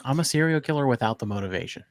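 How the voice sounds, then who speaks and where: A young man with an American accent chatting casually as a podcast co-host, joking in a dry, deadpan way. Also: medium pitch, rapid-fire. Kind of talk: casual chat.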